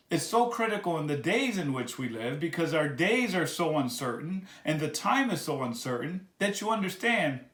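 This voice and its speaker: A man preaching a sermon reflection, earnestly urging his listeners, repeating key phrases and slowing down on the words he stresses. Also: a little high, echoey room. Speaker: pastor.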